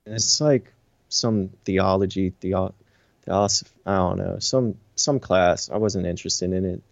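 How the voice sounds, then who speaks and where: A man in an interview recounting a personal story, animated and profane, with lots of "you know" and "I'm like". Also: low-pitched, creaky, dry recording, lo-fi sound. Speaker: interview guest.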